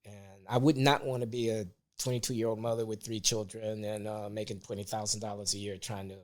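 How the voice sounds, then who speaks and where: A man talking as a podcast guest, measured and deliberate, pressing hard on key words. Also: fairly low pitch, flat delivery. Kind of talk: conversational opinion talk.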